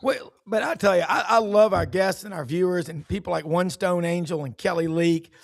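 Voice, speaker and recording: A middle-aged man hosts a sports talk show in a folksy, agreeable way. His voice sits high and comes across dry and close. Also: gravelly, no room sound. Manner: folksy, quick to agree, laughs often. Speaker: show host.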